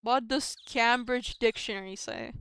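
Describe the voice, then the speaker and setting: A woman's voice: on the high side, sing-song, a little slow, a bit bright, clean tone, no room sound. A woman whose first language is Estonian or Russian, streaming a visual novel, reading dialogue aloud and stumbling, self-deprecating, over words.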